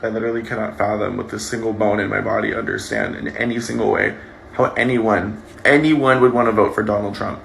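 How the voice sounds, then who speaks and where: A man on the verge of tears, venting with raw anger and frequent swearing. His voice sits low with a gravelly edge, and it rings off the walls of an echoey room. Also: fairly even intonation, fairly quick, fairly bright tone, slight background noise. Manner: angry, swearing, impassioned. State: close to tears. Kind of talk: emotional vlog rant.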